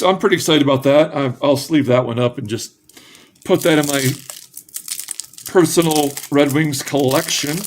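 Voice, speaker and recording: A man casually narrating as he opens packs of trading cards, reading names one by one with offhand asides and bursts of excitement at good pulls. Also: mid-range voice, slight background noise. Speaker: card collector opening packs. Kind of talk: casual pack-opening commentary.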